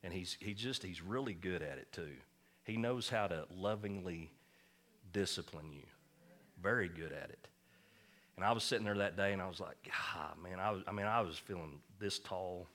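A male pastor tells a personal story in his sermon, folksy and self-deprecating. His voice sits fairly low yet sounds bright and forceful. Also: moderate pace.

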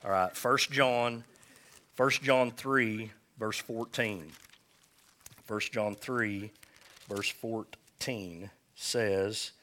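Male pastor, lower register, pointed edgy delivery; casual preaching with jokes and call-and-response. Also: sharp tone. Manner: folksy, joking asides, scripture read slowly. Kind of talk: conversational sermon with call-and-response.

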